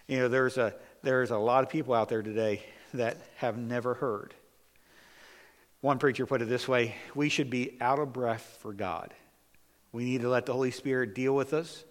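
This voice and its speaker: Pastor preaching in a reverberant hall. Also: male voice, medium pitch. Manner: preaching with emphatic rises and slow, stressed phrases. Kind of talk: sermon. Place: church sanctuary.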